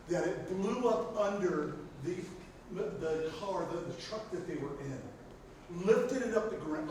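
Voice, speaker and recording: A middle-aged coach delivers a rousing pregame speech in a fairly high voice, jumping from shouted bursts to near-whispers. He is picked up from a distance, so his voice carries heavy echo. Steady background noise sits under his words. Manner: animated storytelling, swinging from loud bursts to hushed lines. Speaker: football coach and guest speaker. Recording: echoey, distant mic, noisy.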